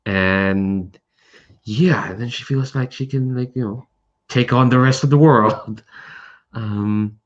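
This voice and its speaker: A man's voice: medium pitch, takes it slowly. A man playing a tabletop game, describing his character hesitantly with many fillers. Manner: dreamy, hesitant, many likes. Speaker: player. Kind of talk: casual tabletop play. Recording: dull lo-fi mic.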